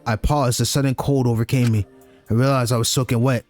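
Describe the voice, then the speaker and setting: A man streaming a video game, reacting excitedly with slang and reading the game text aloud. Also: mid-range voice, brisk, soft background music. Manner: excitable, loud outbursts and slang. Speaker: let's play streamer. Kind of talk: gameplay commentary, reading dialogue aloud.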